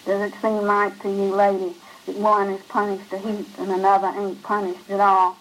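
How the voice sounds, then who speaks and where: A woman reading the lines of a cold, brooding male outlaw, in a flat, grim rural drawl. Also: mid-range voice, normal speed, a little hiss or hum, close to an everyday voice, rough recording.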